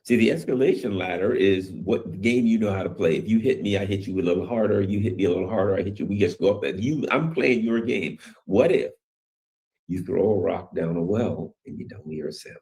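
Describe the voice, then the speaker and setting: A man with a very low voice delivers a solo commentary on world affairs. He talks in a rambling, emphatic way, stacking up his points and mimicking other people's words when he quotes them. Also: fairly quick, vocal fry, darkish tone. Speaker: news commentary channel host.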